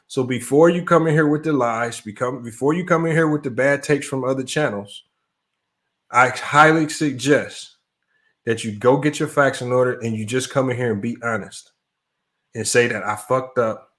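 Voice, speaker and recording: A man hosting a sports debate livestream, ranting with loud emphasis and a habit of ending lines with "man." His voice sits at an ordinary middle pitch for a man. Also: moderate pace. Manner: animated, emphatic, repeats "man" often. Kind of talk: casual livestream rant.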